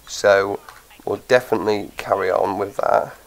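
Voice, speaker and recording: This man's voice sits lowish, with a steady tone, normal pace, and a creaky texture, captured on poor audio. He hosts a gaming channel and, worn out and congested from a cold, offers casual gameplay commentary full of ums as he reasons aloud.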